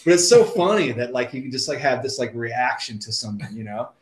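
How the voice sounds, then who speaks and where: A man's voice: medium pitch, lively intonation, brisk. A man co-hosting a podcast in casual chat, rambling with lots of restarts and laughing as he talks. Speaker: podcast co-host. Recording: roomy studio sound.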